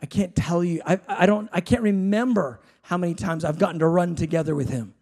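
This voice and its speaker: A male preacher with a high, gravelly voice delivers a fervent sermon. He surges into shouted appeals, then drops to a hushed, chatty, self-deprecating storytelling tone. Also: a little fast. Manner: conversational, self-deprecating anecdotes.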